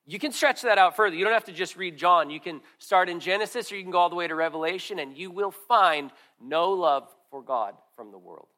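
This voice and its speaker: A middle-aged man preaching a sermon, earnest and conversational, swinging from strong emphasis to quiet asides with frequent restarts. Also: sits high, expressive, brisk, few pauses. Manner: earnest, rises and falls in loudness, drops to quiet asides; conversational with restarts and repeated words. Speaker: pastor.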